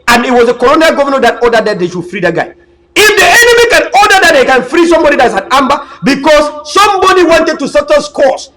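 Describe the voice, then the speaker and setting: A man's voice: very high voice, pushed and bright, low-quality recording. A man giving an impassioned political talk, emphatic and preachy, repeating himself and stumbling over words. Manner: emphatic, repetitive, preachy, with frequent stammered restarts. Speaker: political commentator.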